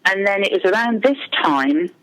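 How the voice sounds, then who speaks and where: Mum as interview guest, halting, lots of ums and restarts, mid-pitched voice. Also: female voice, expressive, a bit bright, poor audio. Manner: hesitant, many ums and restarts. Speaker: parent speaking anonymously as a guest. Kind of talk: conversational interview account.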